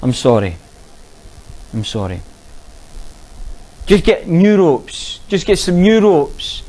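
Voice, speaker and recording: A man's voice: fairly high pitch, sing-song, takes it slowly, a little mellow, full character voice, low-quality recording. A man preaching, briefly voicing a boastful adult strongman hero in his own voice. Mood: pleading.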